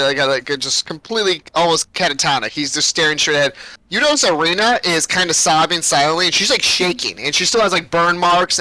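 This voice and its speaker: A young man narrating a tabletop game as game master, describing scenes in a relaxed way with many fillers. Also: fairly high pitch, no echo, poor audio.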